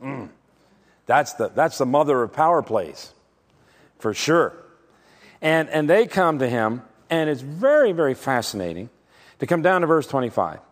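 A man preaching a sermon, emphatic and dramatic, swinging from loud declarations to hushed, slow words. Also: medium pitch, sing-song. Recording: long hall reverb.

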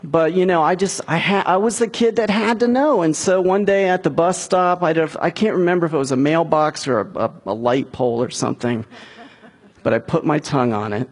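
A middle-aged man preaching a sermon, retelling a scripture story and giving the characters' lines in a raised, animated voice. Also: on the high side, a little fast, slightly rough. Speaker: pastor.

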